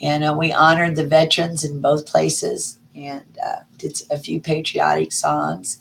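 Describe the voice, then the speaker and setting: A middle-aged woman, chatting casually on a livestream and greeting viewers by name with folksy warmth. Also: low-pitched, little pitch movement, measured pace, creaky, a little hiss or hum. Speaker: livestream host. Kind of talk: casual live chat reading viewer comments.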